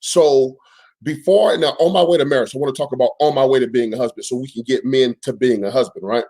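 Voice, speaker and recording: A man who is an apostle, speaking as a guest in a casual faith talk, measured and deliberate. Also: medium pitch, warm tone. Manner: measured, deliberate, asks "you get what I'm saying?".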